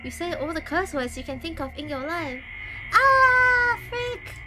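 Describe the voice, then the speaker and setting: A woman streamer playing a horror dating game, reading its text aloud with animated, dramatic reactions. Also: sits high, brisk, loud music behind the voice.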